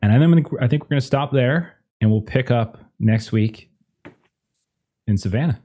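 A man narrating as game master of a tabletop horror campaign in a relaxed, loose way. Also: medium pitch, normal speed. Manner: relaxed, loose, searching for words.

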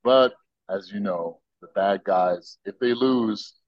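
An American man, a podcast guest, telling stories and arguing his views in an animated, opinionated way. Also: on the low side, takes it slowly, no echo, lo-fi sound. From United States. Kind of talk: casual podcast interview.

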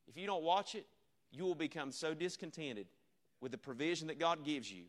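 A man's voice: fairly high pitch, fairly quick. A man preaching a revival sermon, earnest and repetitive, asking the congregation rhetorical questions. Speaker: visiting preacher.

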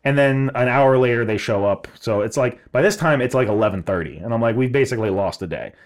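A man's voice: medium pitch, fast talker. A man casually telling an exasperated story, swearing and laughing, quoting people in his own voice. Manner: animated, swearing, laughing, mimicking others in quotes.

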